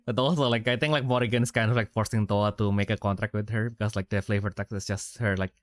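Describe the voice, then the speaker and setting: Low, smooth-voiced man reading card text. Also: steady tone, no room sound. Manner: reads card effects haltingly, with frequent fillers and self-corrections. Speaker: podcast co-host.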